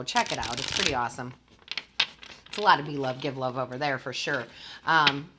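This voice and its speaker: A woman's voice: deep voice, heavy background noise. A woman tarot reader talking casually to her viewers, earnest and gushing, often stumbling over her words.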